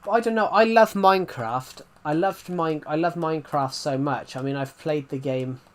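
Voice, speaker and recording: Young guy on a stream, kinda high voice, rambles and repeats himself a lot. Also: normal speed. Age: 20s. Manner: rambling, often restarts and repeats phrases. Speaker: live streamer. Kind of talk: casual live-stream chat.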